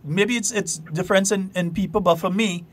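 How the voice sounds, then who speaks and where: A man's voice: sits high, fairly even intonation, moderate pace. A man hosting a radio talk show, explaining things in a firm, emphatic way.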